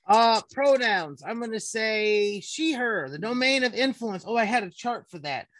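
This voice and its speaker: A player in a tabletop game, talking in an animated way and laughing often. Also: mid-range voice, normal speed, dry recording, studio quality.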